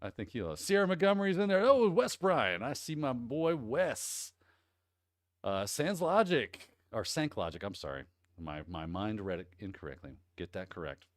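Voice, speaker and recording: A man's voice: medium pitch, no room sound, studio quality. Upbeat man hosting a live chat. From Midwest US. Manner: upbeat, rambling, greeting viewers by name. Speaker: host. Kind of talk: casual livestream chat.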